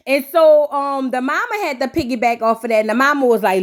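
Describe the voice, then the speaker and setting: A woman's voice: high-pitched, expressive, normal speed, few pauses. A woman giving a blunt, slang-filled recap of a reality show, acting out quotes as she goes. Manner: sassy, blunt, slangy, acts out the cast's quotes. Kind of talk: casual recap with commentary.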